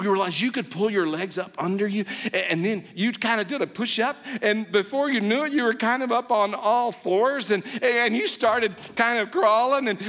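Man, pastor, sermon, high voice, animated storytelling, long hall reverb. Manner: animated storytelling, acts out a baby's voice.

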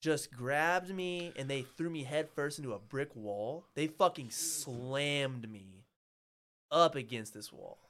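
A man, a podcast guest telling a story in casual chat, animated and full of swearing. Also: medium pitch, slow. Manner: animated and profane, acting out the people in his story.

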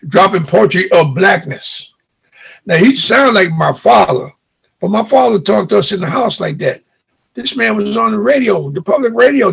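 A man's voice: sits high, creaky, husky. An older man, an interview guest telling stories and acting out the dialogue he remembers. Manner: animated retelling with quoted dialogue. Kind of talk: storytelling in an interview.

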